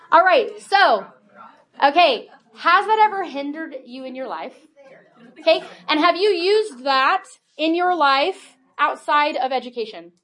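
Chatty high-voiced woman lecturing. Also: a bit bright. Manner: chatty, peppered with "like", "right?" and "okay?". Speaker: homeschool presenter. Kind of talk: workshop talk to an audience.

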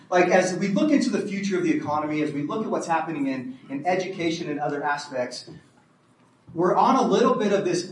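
Man, animated storyteller, talk to a homeschool community, slightly high voice, roomy distant sound. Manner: animated storyteller, acts out quotes, chuckles. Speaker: speaker at a homeschool community event. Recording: roomy, distant mic, faint ambience.

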